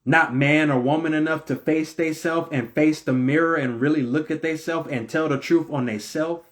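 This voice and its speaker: Impassioned preachy man, fairly high voice. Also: fairly even intonation, normal speed. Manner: preachy, repetitive, stammers "or, or". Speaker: religious commentator. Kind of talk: impassioned monologue.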